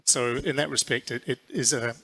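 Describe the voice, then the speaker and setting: NZ-accented male exec, bright mid-pitched voice, steady conference interview delivery. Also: slightly rough. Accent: New Zealand. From New Zealand. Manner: measured, businesslike, with frequent fillers. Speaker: airline CEO.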